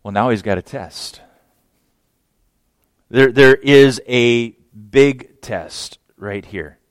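Male preacher at mid pitch, dry sound, sermon that dramatizes the biblical dialogue. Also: extremely slow, clear, resonant tone, no room sound. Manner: acts out scripture dialogue with raised emotional voices.

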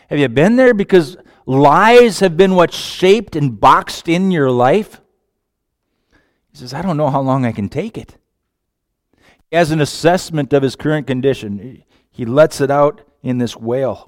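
A man preaching a sermon with passion, moving from quiet, reflective lines to sudden wailing cries. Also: a little high, unhurried, no room sound, studio quality.

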